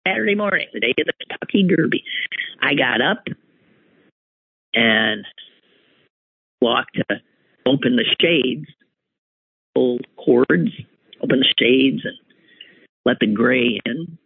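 A man telling a personal anecdote in an animated, exclaiming way, breaking off and restarting mid-sentence. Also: mid-range voice, takes it slowly, gravelly, long pauses, husky, dry recording. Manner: animated, exclaiming, self-interrupting. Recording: tinny phone-like line, dry.

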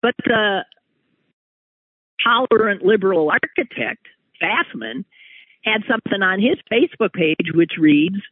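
A man's voice: high-pitched, animated, measured pace, pauses often, slightly rough, dry recording. A man hosting a talk show, giving a wry, emphatic opinion monologue with sudden rises on key words. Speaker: radio talk host. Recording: tinny phone-like radio audio.

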